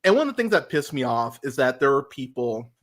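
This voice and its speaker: A man co-hosting a podcast in casual chat, animated and swearing freely, his voice jumping high when he gets worked up. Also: a little fast. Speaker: podcast co-host reviewing a TV series.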